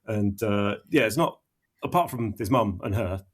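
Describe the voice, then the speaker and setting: A man hosting a podcast, chatting casually with many halting restarts. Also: fairly low pitch, breathy edge. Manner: halting, full of restarts and laughs. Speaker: podcast host. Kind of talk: casual chat.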